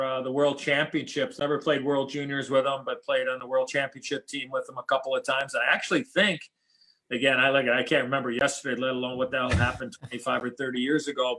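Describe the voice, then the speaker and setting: A middle-aged American man, once a hockey player, tells stories as a guest on a podcast in a casual interview, rambling with plenty of fillers and restarts. His voice is medium-pitched, steady, brisk, pushed and bright.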